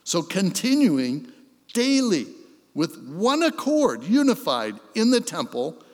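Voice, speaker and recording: A man preaching a sermon as a pastor, telling stories and swelling in intensity before dropping to a soft, earnest tone. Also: high voice, wildly swooping pitch, slow, long reverb tail. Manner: storytelling, swells then drops to soft intensity.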